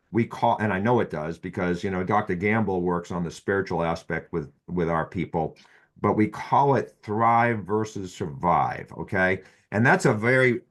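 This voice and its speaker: Rambling lower-voiced man explaining medicine. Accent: Boston. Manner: rambling, with restarts and "you know". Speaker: physician guest. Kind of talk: casual podcast talk.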